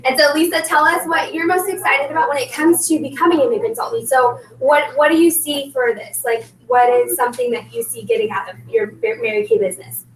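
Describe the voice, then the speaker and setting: A woman's voice: sits high, lively intonation, a little fast, hardly any pauses. A woman leading a sales team meeting, chatty and bubbly, full of "like" and "um". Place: meeting room, indoors. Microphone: recorded from across the room. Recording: echoey room from far off.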